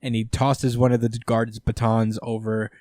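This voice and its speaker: A man hosting a podcast, casually recapping a comic book in an excited, profane, laughing way. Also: mid-range voice, normal speed, dry recording, clean studio sound. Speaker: podcast host.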